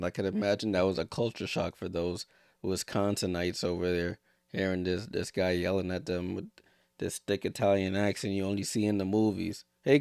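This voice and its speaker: A man's voice: low-pitched, darkish tone, clear, resonant tone, no echo, studio quality. A man giving casual live reaction commentary, chatty and jokey. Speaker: reaction streamer.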